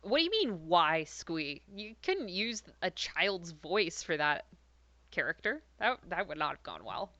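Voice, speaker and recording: Bright-voiced woman recapping an episode. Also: on the low side, sing-song, unhurried, dry recording. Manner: chatty, laughs often, hesitant fillers. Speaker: podcast co-host. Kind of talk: casual chat recapping an episode. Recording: slightly dull lo-fi podcast audio.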